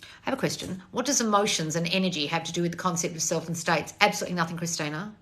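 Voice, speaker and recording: Woman coach, live-stream Q&A, blunt and sarcastic, bright tone, lowish pitch. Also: rapid-fire. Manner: blunt, sarcastic, swears freely. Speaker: manifestation coach. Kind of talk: live stream answering chat.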